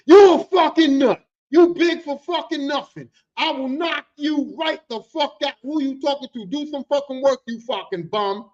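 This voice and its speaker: A man's voice: very high-pitched, fairly quick, a little mellow, far from the mic. A man voicing a big, brash coworker who curses and threatens to fight, in dull lo-fi audio. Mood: threatening. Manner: aggressive, cursing, taunting.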